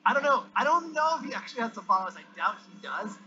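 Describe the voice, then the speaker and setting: A male gamer with a high, bright, sharp voice talks fast while commenting on his gameplay. Excitable, he yelps and groans when things go wrong. The audio is dull and lo-fi, with a faint hiss beneath it.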